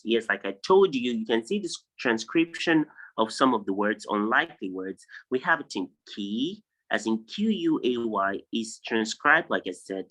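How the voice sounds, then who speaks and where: A man's voice: lowish voice, fairly bright tone, poor audio. A man from Nigeria teaching vowel sounds in an online lesson over a video call, drilling word lists aloud one word at a time. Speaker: English tutor.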